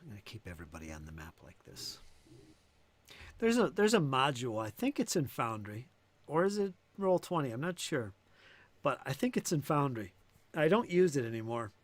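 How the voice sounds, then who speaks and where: A man's voice: medium pitch, very animated, moderate pace. A man running a tabletop game as game master, thinking aloud with fillers and restarts.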